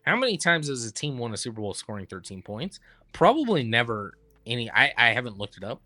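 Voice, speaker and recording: A sports podcast co-host argues his side in a casual debate, speaking fairly quickly with a sharp tone and big swings in his medium-pitched voice. He leans on stats and repeats his key points for emphasis. There's no echo.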